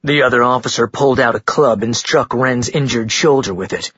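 A man narrating an audiobook in a steady storytelling manner. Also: mid-range voice, fairly quick, slightly rough, no room sound. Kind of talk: scripted narration. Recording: dull dry muffled recording.

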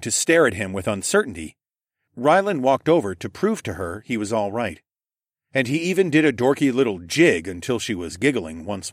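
A man reading an audiobook in first person, with expressive storytelling. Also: mid-range voice, moderate pace, no echo, studio quality. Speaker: audiobook narrator.

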